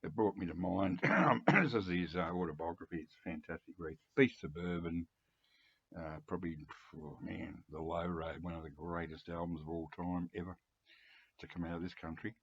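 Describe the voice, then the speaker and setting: This music collector host, an Aussie bloke in his seventies, talks to the camera in a casual, meandering monologue at a moderate pace. His voice is low and husky, he chuckles and clears his throat often, and the recording has a dull, lo-fi quality.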